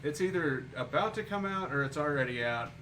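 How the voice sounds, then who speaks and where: A man's voice: a little high, animated, a little fast, recorded from a distance. A man co-hosting a podcast in casual chat, rambling and laughing along. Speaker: podcast co-host. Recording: noisy background.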